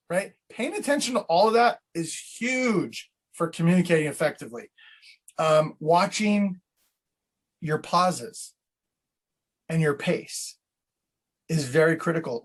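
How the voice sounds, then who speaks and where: A man's voice: sits high, unhurried. A man coaching real estate agents on sales scripts in a casual teaching chat, acting out client lines as he goes.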